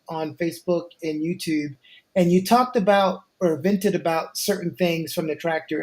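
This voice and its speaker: A man's voice: high voice, darkish tone. A man hosting an interview show, asking questions in a loose, conversational way and reading out questions from listeners. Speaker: show host. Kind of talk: casual interview.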